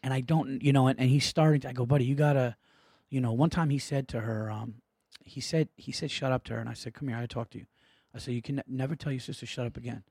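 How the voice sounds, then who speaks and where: A man's voice: medium pitch, no echo, clean studio sound. A middle-aged man, a comedian guest telling a family story in casual chat, swearing freely and acting out what people said. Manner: fast, profane, animated storytelling with acted-out quotes.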